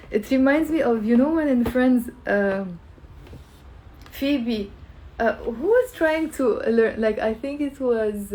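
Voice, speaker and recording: An upbeat woman leads a live online language lesson. She coaxes her viewers to repeat after her and says each word slowly. Her voice sits a little high. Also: mellow, poor audio. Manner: upbeat, coaxing, repeats words slowly for learners. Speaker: language teacher.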